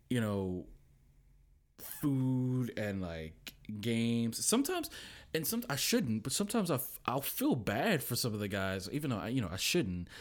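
A young man, a podcast guest, telling a story in casual chat, acting out voices and laughing often. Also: on the low side.

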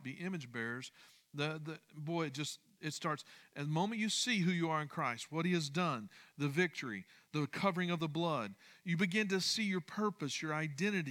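A man's voice: on the high side, bright, forceful tone. A man leading a midweek Bible study, speaking emphatically, repeating key phrases and putting questions to his listeners.

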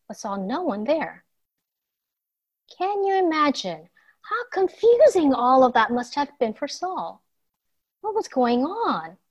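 A woman teaching a children's Bible lesson, telling the story in an animated way and asking her listeners questions. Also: sits high.

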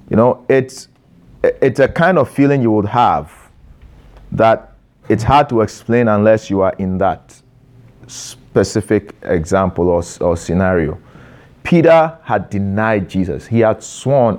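A man's voice: mid-range voice, lively intonation, darkish tone. Emphatic male preacher. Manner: emphatic, with repetition and drawn-out stressed phrases; addresses a young audience directly with questions. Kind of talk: sermon.

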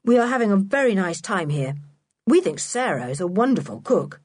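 A woman's voice: medium pitch, big pitch swings, a little fast, a little mellow, breathy edge, no room sound, studio quality. A woman reading a storybook, voicing a polite, sensible older boy who talks cheerfully.

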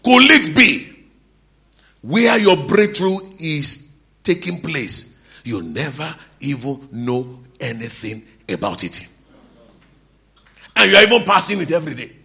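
A man preaches a sermon in a high voice with a bright, cutting tone. He acts out the scenes himself, swinging from hushed asides to loud shouts. A gravelly rasp runs through his speech. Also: big pitch swings, a little slow, pauses often. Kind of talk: sermon storytelling.

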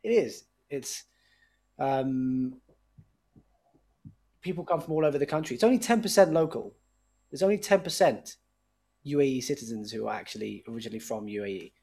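A man who is a musician, a guest on a podcast, chatting in a relaxed, opinionated way. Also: mid-range voice, moderate pace, creaky, pauses often, breathy edge. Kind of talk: casual conversation.

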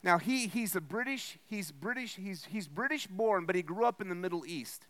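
Male pastor, high bright voice, sermon to a congregation, keeps checking they follow. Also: expressive, moderate pace. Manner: explains with repeated "okay?" and "right?" checks; acts out the host's lines with a raised voice. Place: church.

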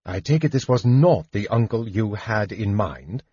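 A man's voice: on the low side, lively intonation, a little slow, dark tone, husky, no echo, highs cut off, exaggerated voice. A man voicing a grim male knight who speaks harshly and bluntly.

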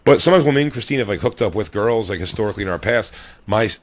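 A man's voice: fairly low pitch, animated, racing, dry recording. Podcast host, man, forties, meandering crude anecdotes, many fillers, dry close sound. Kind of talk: casual chat.

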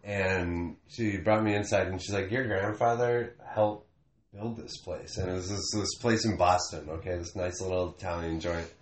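Rambling low-voiced man in echoey room. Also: fairly even intonation, normal speed. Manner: rambling, swearing, laughing storyteller. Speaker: comedian podcast host. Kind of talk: casual podcast chat. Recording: echoey room with faint noise.

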